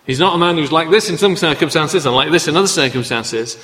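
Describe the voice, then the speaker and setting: Bright-voiced man preaching in an echoey hall. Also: a little high, animated, fast. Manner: conversational teaching with frequent restarts and rhetorical tag questions. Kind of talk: sermon.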